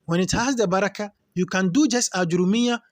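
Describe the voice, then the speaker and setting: A man's voice: high-pitched, brisk, no room sound. A man teaching Arabic grammar in a recorded lesson, reading Arabic lines and then patiently explaining them in English. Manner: patient, repeats points for learners.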